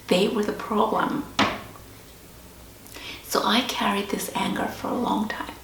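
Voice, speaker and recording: A woman host sharing a personal story in a slow, reflective, confessional way. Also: medium pitch, whispered. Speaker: podcast host. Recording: roomy echo with faint background hiss.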